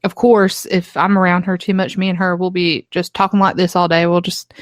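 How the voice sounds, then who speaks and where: A woman's voice: medium pitch, steady tone, moderate pace, hardly any pauses, no echo. Woman, Southern accent, giggly, podcast co-host, casual chat, dry recording. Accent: Southern American. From North Carolina. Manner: giggly, switches accents, sings snatches of songs.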